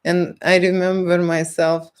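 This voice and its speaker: A man's voice: high-pitched, monotone, measured pace, clean tone. A man who is a photographer, hosting a live stream in casual talk, rambling and repeating himself, often checking in with the audience.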